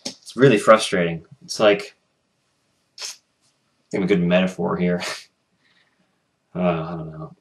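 A young man records a casual vlog at home, ranting in frustration and swearing freely. His voice sits a little low, and it comes through a plain camera mic. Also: unhurried, pauses often. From United States. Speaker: vlogger.

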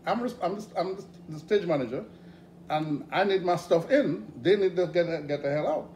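A woman's voice: lowish voice, animated, rapid-fire, dark tone, pitched above the performer's own voice, natural voice. A man doing a pushy Trinidadian stage manager woman. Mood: demanding. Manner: pushy, short-tempered. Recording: echoey room with background noise.

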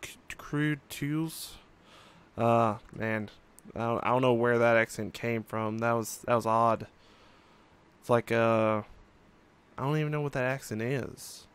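A man's voice: mid-range voice, level tone, moderate pace, clear, resonant tone. A young man casually commenting on his own gameplay, musing and thinking aloud with frequent fillers. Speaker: let's play host.

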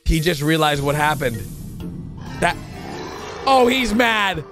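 Excitable man reacting to cartoons. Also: a little high, takes it slowly, music in the background. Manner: excitable, narrating events and laughing often. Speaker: reaction video host. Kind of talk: casual reaction commentary.

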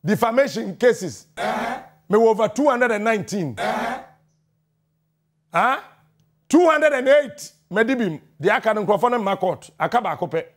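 A middle-aged man with a Ghanaian accent, a radio morning show host delivering a fiery, mocking on-air rant and often shouting in a studio. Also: high voice, very animated, normal speed, pauses often.

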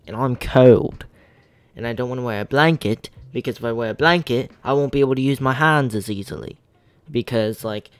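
A man's voice: medium pitch, no echo, lightly acted. A man voicing a cocky, mock-British version of himself, a gaming streamer chatting playfully on a livestream with a put-on British accent.

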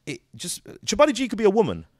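Lively man, swearing and joking. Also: sits high, dry recording, clean studio sound. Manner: animated, jokey, swears freely, slips into quick character voices. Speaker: comedian and actor, guest. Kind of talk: casual conversational interview.

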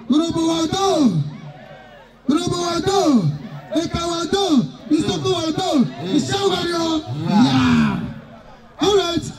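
A Nigerian man emceeing a wedding, his voice pitched very high for a man. He tells jokes and stories and breaks into shouts, with the chatter of a big wedding crowd all around him. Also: low-quality recording. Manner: joking, storytelling, bursts of shouting. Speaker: wedding master of ceremonies. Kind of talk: live event emceeing to a crowd. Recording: loud wedding crowd behind.

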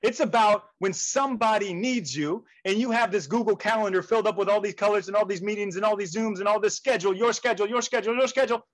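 A man telling stories in an animated way during a motivational talk over a video call. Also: high voice, fast talker, few pauses, rough recording. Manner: animated storytelling with quoted voices. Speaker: motivational speaker.

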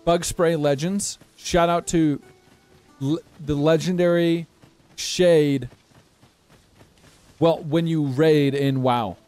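A man's voice: a little high, fairly even intonation, takes it slowly, pauses often, darkish tone, faint music behind. A young man live-streaming a game, chatting casually with viewers and swearing in exasperation. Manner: profane, exasperated banter with chat. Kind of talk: casual gameplay commentary.

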